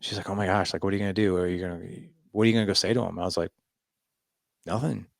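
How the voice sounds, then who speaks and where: A man in his forties, a podcast guest, telling a personal story in an animated way and acting out what others said. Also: sits low, racing, creaky, no room sound, clean studio sound. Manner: animated storyteller, lots of "I was like" quotes. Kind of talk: storytelling interview.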